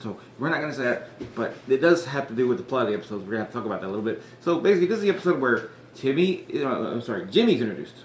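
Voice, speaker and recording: A man hosting a podcast, recapping an episode in casual chat, rambling, swearing and laughing often. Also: mid-range voice. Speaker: podcast host. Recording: echoey room with faint noise.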